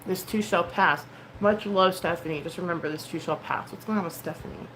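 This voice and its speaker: A woman's voice: lowish voice, fairly quick. A woman in her thirties chatting casually on a livestream, candid and emotional, swearing freely and full of likes and ums. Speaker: livestream host. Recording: noticeable background noise.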